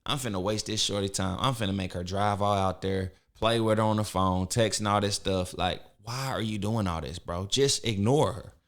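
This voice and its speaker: A man's voice: fairly low pitch, normal speed, hardly any pauses. Slangy mocking man reacting to a clip. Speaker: reaction video host. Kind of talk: casual commentary reacting to a clip.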